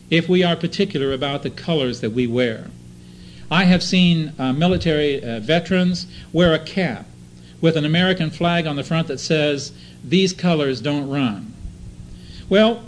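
A man's voice: fairly high pitch, a little hiss or hum, low-quality recording. A man preaching a sermon, reading scripture passages aloud and commenting on them in plain everyday talk.

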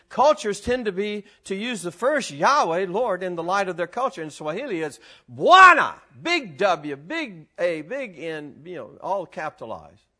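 A man leads a Bible class in a high, bright voice that leaps up and down as he gets worked up. He laughs often and breaks into sudden exclamations, talking to the people in the room. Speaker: Bible teacher. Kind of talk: animated teaching to a live group.

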